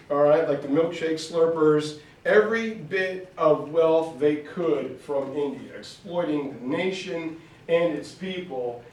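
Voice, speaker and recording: Male teacher, high voice, slow unhurried delivery, playful lecture style, roomy classroom sound. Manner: lively, playful, puts on quick mock voices. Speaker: history teacher. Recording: echoey room, far from mic.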